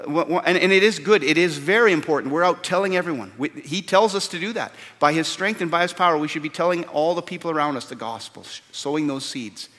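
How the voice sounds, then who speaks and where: A man's voice: a little high, a bit bright. A man preaching a sermon as pastor, earnest and repeating words for stress. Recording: long hall reverb.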